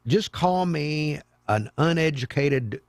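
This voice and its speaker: A man hosting a talk radio show, delivering a sarcastic, mocking monologue with sudden loud outbursts. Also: on the high side, lively intonation, takes it slowly, creaky, no echo. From American South. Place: radio studio. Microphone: studio microphone.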